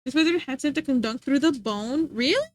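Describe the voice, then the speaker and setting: A woman's voice: sits high, animated, normal speed. A young woman streaming live, chatting casually with her viewers, giggling and rambling as she reads the chat.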